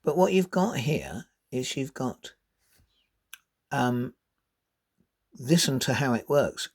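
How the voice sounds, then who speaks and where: Male teacher, slow and deliberate, lively pitch, slightly husky; reads verse and marks the stresses. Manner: slow, deliberate, stresses words to show rhythm. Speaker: poetry teacher. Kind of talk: spoken lesson with poem readings.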